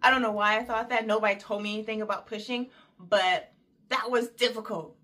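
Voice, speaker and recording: A young woman casually telling a personal story, chatty and detailed, switching into animated quoted voices with big jumps in pitch. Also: brisk.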